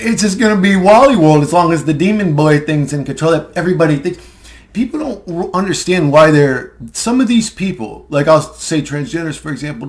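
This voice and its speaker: Young man, high voice, rambling profane monologue, sarcastic and heated. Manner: heated, profane, sarcastic, laughs mid-sentence. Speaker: conspiracy video ranter.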